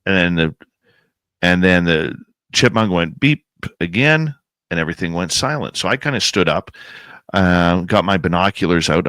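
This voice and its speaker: A man telling a suspenseful outdoor experience as a guest on a podcast, animated and pausing to build suspense. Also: low voice, dry recording. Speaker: guest, paranormal researcher and radio host. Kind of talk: casual storytelling in a podcast interview.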